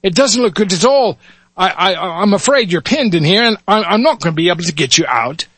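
A man's voice: high voice, animated, fairly quick, fairly bright tone, husky, no echo, pitched above the performer's own voice, heavily acted. A man voicing a flustered police officer calling out urgently. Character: Irish street cop, flustered and loud.

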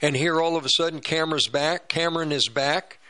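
A man's voice: fairly high pitch, brisk, bright, forceful tone. A man hosting a political talk radio show, rambling and repeating himself as he comments.

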